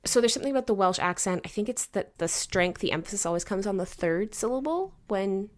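A chatty woman talks through a novel in a relaxed co-host conversation. Her voice sits at an ordinary middle pitch, and her delivery is animated, with frequent laughs and loose fillers. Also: fairly quick. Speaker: book podcast co-host. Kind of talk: casual book discussion.

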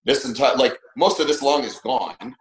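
A man's voice: medium pitch, moderate pace. A man guesting on a podcast, telling a personal story bluntly and emphatically, swearing freely. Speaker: podcast guest, trainer and coach. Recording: roomy echo.

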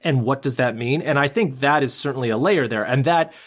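A man co-hosting a podcast in casual chat, retelling scenes in an animated way and swearing freely. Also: medium pitch, fairly quick. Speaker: podcast co-host.

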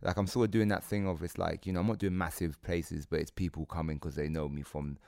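A British man hosting a podcast in casual chat, slangy and animated, laughing often as he talks. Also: low voice, fast, creaky. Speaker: podcast host.

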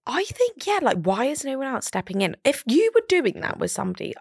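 A woman's voice: high-pitched, fairly quick, creaky, husky, dry recording, clean studio sound. A woman co-hosting a casual chat podcast, acting out imagined lines as she talks. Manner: animated, acts out imagined lines. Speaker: podcast co-host.

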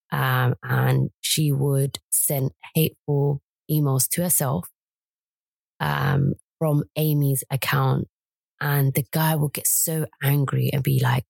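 Chatty young female co-host, gravelly low tone, close dry sound. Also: a little mellow, no echo. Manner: chatty, retells a story with quoted voices. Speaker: podcast co-host. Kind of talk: casual chat, storytelling.

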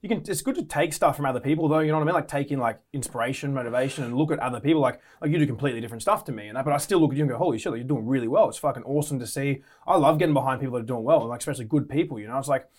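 A young man with an Australian accent talks very fast in a mid-range voice. He is energetic, full of filler words and swearing. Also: medium pitch. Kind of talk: casual chat.

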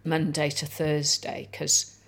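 A woman in her sixties with a low voice chats as a lunch guest. She tells long, loose stories and keeps throwing in little asides to the people at the table. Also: completely flat delivery, slow, gravelly, fairly bright tone. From North Wales. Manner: chatty storyteller, lots of "like" and "you know". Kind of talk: casual chat over lunch.

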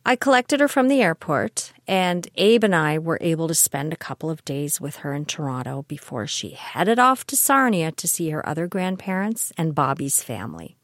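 An older woman with a lowish voice speaks candidly and reflectively. She talks in an easy, chatty monologue. The recording is close and dry, with no room sound. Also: very animated, moderate pace, hardly any pauses, no room sound. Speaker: podcast host. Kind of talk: personal storytelling monologue.

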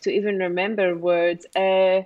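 A woman improvising a deadpan female retail manager who fires staff with mock earnestness. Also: mid-range voice, unhurried, narrow, tinny audio, lightly acted. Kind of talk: improvised comedy character.

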